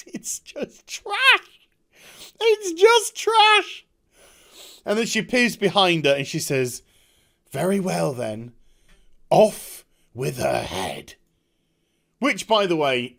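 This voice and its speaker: A man ranting in a vlog, heated, scornful and profane. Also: high voice. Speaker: online commentator. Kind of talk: angry rant vlog.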